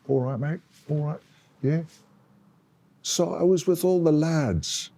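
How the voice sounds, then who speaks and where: Slow, deep-voiced older Irish man. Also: slightly rough. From Ireland. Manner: slow, reflective, with soft laughs. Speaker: interviewee. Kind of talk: reflective interview.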